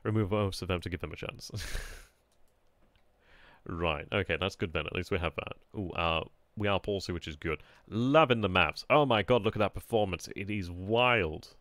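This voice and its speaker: A man casually commentating as he plays a strategy game, chatty and excitable, often laughing at himself. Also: low voice, normal speed, no echo. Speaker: gameplay commentator. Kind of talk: casual let's-play commentary.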